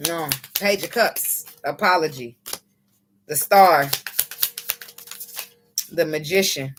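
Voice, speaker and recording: A woman giving a casual tarot reading, excitable and quick to laugh, swearing freely as she talks. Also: deep voice, over music. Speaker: tarot reader.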